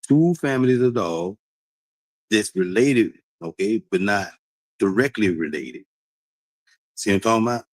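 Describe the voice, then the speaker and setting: Animated man, low voice. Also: a little slow, pauses often, no echo, rough recording. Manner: animated, repetitive, preachy, laughs often. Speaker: dog breeder talking to a stream audience. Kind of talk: casual livestream talk.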